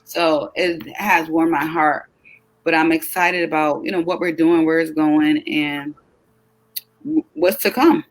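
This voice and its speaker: A woman co-hosting a web talk show, chatting in an upbeat, excitable way with lots of fillers, and a bit tired. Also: low-pitched, unhurried, low-quality recording. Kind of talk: casual chat.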